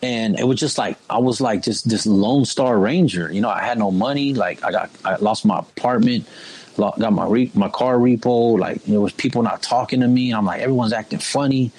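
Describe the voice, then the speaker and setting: This casual testimony comes from a young man talking fairly quickly in a lowish, darkish voice with a breathy edge. He uses laid-back street slang, repeating "bro" and "you know what I mean," over poor audio.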